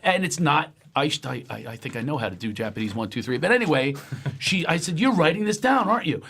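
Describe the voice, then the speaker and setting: A middle-aged man hosting a show, telling comic family stories with lively voices and laughs. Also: medium pitch, fast, gravelly, husky. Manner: animated, acts out voices and sounds, laughs often. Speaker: show host. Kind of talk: comic storytelling, casual chat.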